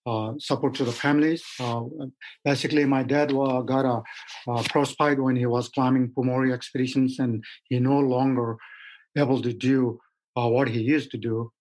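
Guy from nepal in his 50s, mountaineer on a podcast, halting, lots of uhs. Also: mid-range voice, level tone, a little mellow, slight background noise, poor audio. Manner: halting, many fillers, simple grammar. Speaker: mountaineer guest. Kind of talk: interview answers.

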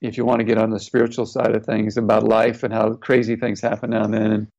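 A middle-aged man tells a personal story in an earnest, reflective way. His voice has a gravelly, creaky texture. The recording sounds a little dull and lo-fi. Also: on the low side, monotone, fast talker, a little mellow. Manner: earnest, reflective, retelling quotes. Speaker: guest, former NFL player. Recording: slightly dull, lo-fi audio.

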